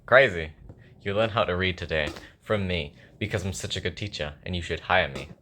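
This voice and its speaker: A man's voice: sits low, fairly quick, pushed and bright, slight background noise. A young man at home with a sore throat, rambling and joking at himself as he works on a song. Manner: rambling, self-mocking, thinking aloud. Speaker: songwriter. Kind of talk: casual chat while writing a song.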